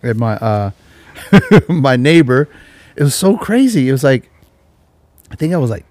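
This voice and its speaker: A man's voice: mid-range voice, very animated, measured pace, darkish tone, no echo. A man hosting a podcast, telling a casual story full of slang and acting out the voices of the people in it. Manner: laid-back slangy storytelling, acts out voices in quotes. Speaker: podcast host.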